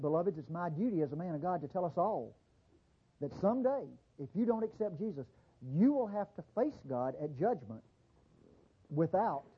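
A man's voice: fairly high pitch, husky. Fervent male preacher on a dull lo-fi recording. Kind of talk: sermon.

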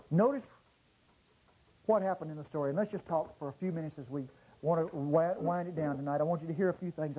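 A man preaching a sermon to a congregation, swinging from low murmurs to loud exclamations and drawing out key words. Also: slightly rough, lo-fi sound. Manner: drawn-out stressed words. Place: church service before a congregation.

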